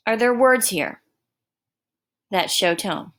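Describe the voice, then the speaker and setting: Slow, deliberate woman teacher. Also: mid-range voice, fairly bright tone. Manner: deliberate, explaining with emphatic examples. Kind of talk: recorded distance-learning lesson. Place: home.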